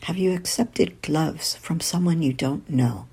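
A woman voicing a proud, prickly dead queen who speaks softly with a French accent. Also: deep voice, unhurried, gravelly, husky, heavily acted. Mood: haughty. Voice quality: soft-spoken.

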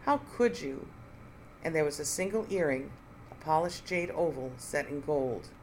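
A reader narrating a first-person mystery audiobook in an even, clear storytelling voice. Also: medium pitch, normal speed, a little hiss or hum, poor audio.

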